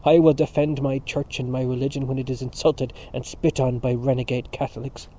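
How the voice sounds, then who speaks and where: A man's voice: medium pitch, little pitch movement, a little fast, mellow, lightly acted. A man voicing a fierce, devout older woman who speaks hotly and insistently, on a dull recording with faint hiss. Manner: hot and insistent.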